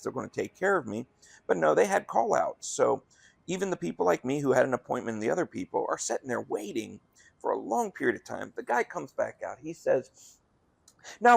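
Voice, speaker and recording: A man's voice: medium pitch, vocal fry, breathy edge, no room sound. A man, a restaurant manager, telling a rambling story in a casual, conversational way while gaming, acting out the dialogue he quotes.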